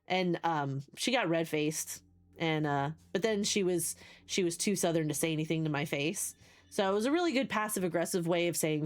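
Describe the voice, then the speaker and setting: A chatty woman in her forties streams from home and talks straight to her viewers. Her voice sits at an everyday middle pitch. She drifts from one long story to the next and stops to greet people in chat. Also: expressive, normal speed. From United States. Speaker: livestreamer.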